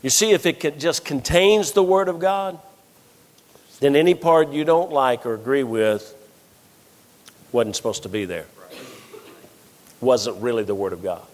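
A middle-aged man preaching a sermon, telling funny family stories with animated delivery and acting out the voices of the people he quotes. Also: medium pitch, unhurried, long pauses. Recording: long reverb of a large hall.

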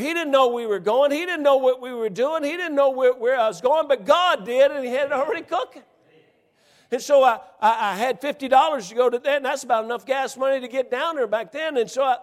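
A middle-aged man preaching a sermon as a folksy story, repeating words and building up to shouts. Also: extremely high pitch. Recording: long hall reverb.

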